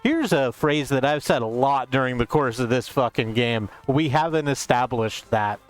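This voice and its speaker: A man's voice: medium pitch, normal speed, faint music behind. A man streaming a game playthrough, joking and swearing as he goes. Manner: joking, swearing, self-mocking.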